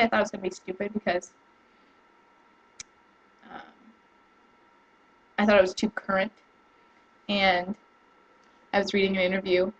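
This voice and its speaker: A young woman chatting casually to camera at home, rambling and excitable, with lots of fillers and restarts. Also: medium pitch, lo-fi sound. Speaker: vlogger. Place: home room.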